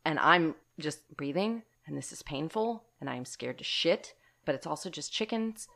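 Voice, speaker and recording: A woman co-hosting a podcast, telling a story in casual chat, animated and emphatic, calling her listeners y'all and swearing casually. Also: low voice, normal speed, creaky. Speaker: podcast co-host.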